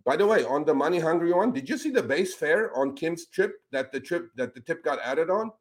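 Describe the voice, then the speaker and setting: A man hosting a talk show, speaking in casual, animated commentary that turns indignant as he calls out politicians with a pointed "sir". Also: on the high side, a little fast. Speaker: podcast host.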